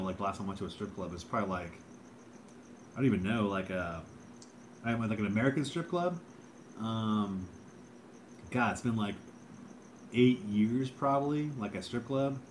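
Laid-back male livestream host, lowish voice, faint crickets behind. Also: a little hiss or hum. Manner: laid-back, rambling, says bro and dude a lot. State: drinking beer. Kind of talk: casual livestream chat.

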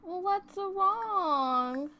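A woman's voice: very high-pitched, animated, very slow, bright, forceful tone, a little hiss or hum. A woman giving casual, chatty let's-play commentary as she plays a life-simulation game, often exclaiming and giggling. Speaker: gaming YouTuber. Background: faint game music.

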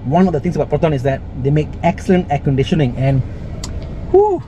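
Speaking at a racing pace in a slightly high voice, a middle-aged car reviewer with a Malaysian English accent gives an excited, exclamation-filled walkaround of a car. The recording is muffled, with a noisy background.

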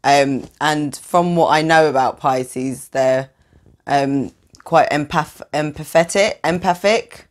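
Woman, very low pitch, curious, hesitant fillers, interviewer. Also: takes it slowly. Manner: curious, thinks aloud with fillers and small laughs. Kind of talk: casual interview questions.

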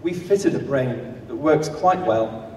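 A man's voice: medium pitch, lively intonation, slow pace, a little hiss or hum. A man voicing a shifty male pie seller who explains his wares in theatrical rhyming verse, heard from a distance in an echoey hall. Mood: mock-reassuring.

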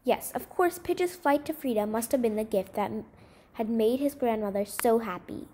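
Expressive woman reading a story aloud. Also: on the high side, moderate pace, breathy edge.

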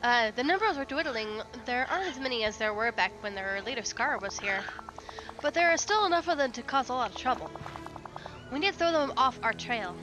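A woman's voice: a little high, expressive, a little fast, natural voice, rough recording. A woman voicing a brave, protective young lioness, reading game dialogue aloud in her plain everyday voice. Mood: earnest. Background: game music.

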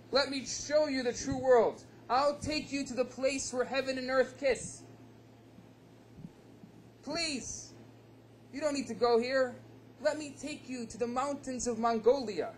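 A man voicing a smooth-talking male wanderer who coaxes and insists, pitched well above his own voice. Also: a little hiss or hum, poor audio. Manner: coaxing, insistent sales pitch.

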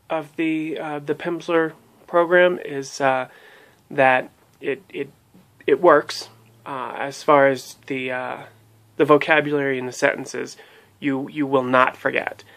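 A man's voice: on the high side, steady tone, unhurried, fairly bright tone. A man giving a casual spoken review of a language course, talking with many fillers and restarts. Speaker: language learning blogger.

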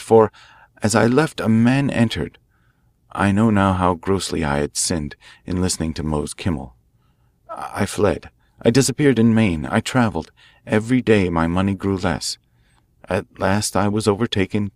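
A man's voice: low-pitched, lively intonation, a little slow, no room sound. A man reading a classic mystery aloud, voicing a nervous male prisoner who pleads and confesses in a strained, broken way. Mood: confessing. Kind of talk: audiobook character voice.

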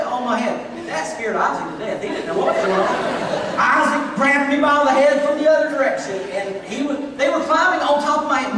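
A middle-aged man, preaching a sermon with funny, animated storytelling. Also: very high voice. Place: church sanctuary. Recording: distant, echoey church hall.

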